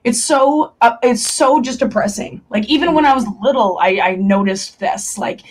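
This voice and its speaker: Candid, rambling young woman, fairly high voice. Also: normal speed. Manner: candid, rambling, heavy on fillers and swearing. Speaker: stream co-host. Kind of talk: casual chat.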